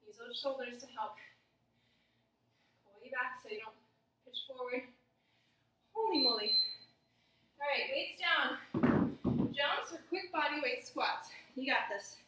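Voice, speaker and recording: Out of breath woman coaching a workout, high voice, big echo, mic kinda far. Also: measured pace, pauses often, pushed and bright. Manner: encouraging, breathless while exercising. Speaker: fitness instructor. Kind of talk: workout class instruction. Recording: very echoey room, mic at a distance.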